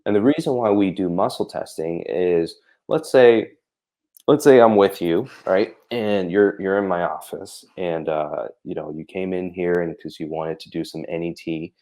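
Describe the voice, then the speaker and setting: A man's voice: deep voice, moderate pace, warm tone. A man working as a holistic practitioner, explaining his practice in conversation and acting out exchanges between himself and a patient, with many fillers.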